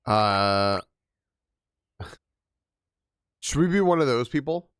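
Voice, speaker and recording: A man's voice: mid-range voice, expressive, slow, fairly bright tone, clean tone, no room sound, clean studio sound. A young man streaming a game, chatting casually, laughing and greeting his chat.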